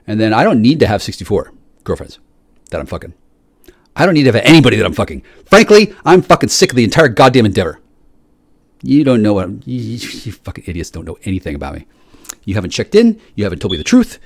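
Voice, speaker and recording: A man in a rambling, profane monologue that swings from shouting to low muttering, often repeating and restarting his words. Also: very animated, quick pace, gravelly, no echo, clean studio sound. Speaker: solo speaker.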